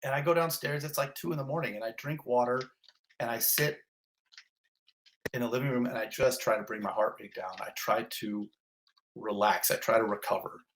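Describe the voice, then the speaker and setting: A man's voice: medium pitch, moderate pace, a bit bright. Blunt, intense man telling his story. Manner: vivid, blunt storytelling with swearing. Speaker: fire captain. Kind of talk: intense first-person retelling.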